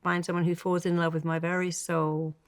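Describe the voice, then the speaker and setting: A woman's voice: lowish voice, flat delivery, brisk. An older woman therapist in a conversational interview, telling stories animatedly and acting out the quoted voices. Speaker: therapist guest.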